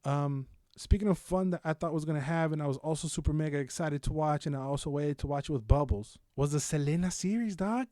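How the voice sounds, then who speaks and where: A young man co-hosting a podcast, chatting casually about shows with lots of swearing and animated storytelling. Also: fairly high pitch, fast talker, few pauses, no echo, studio quality. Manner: animated, profane, loud bursts of laughter-filled storytelling. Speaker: podcast co-host. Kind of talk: casual chat, reviewing shows.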